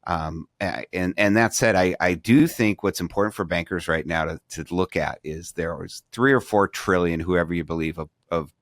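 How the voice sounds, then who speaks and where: Middle-aged male podcast co-host, very deep, loose conversational delivery with restarts, dry sound. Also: normal speed, hardly any pauses, dry recording. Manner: rambling, restarts sentences, thinks aloud. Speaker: podcast co-host, banking advisor. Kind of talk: casual business podcast chat.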